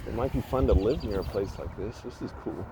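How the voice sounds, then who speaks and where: A man's voice: fairly low pitch, a little fast, noisy background. A young man vlogging outdoors on a hillside while walking, rambling and swearing freely in a casual rant.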